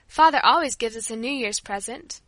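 Eager storybook girl, lively and bright, voiced by a woman reader. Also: on the high side, a little fast, no echo, close to an everyday voice.

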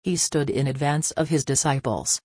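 Low-voiced woman reading devotional text. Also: a little mellow, husky, no room sound, clean studio sound. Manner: measured, solemn narration. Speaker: reader.

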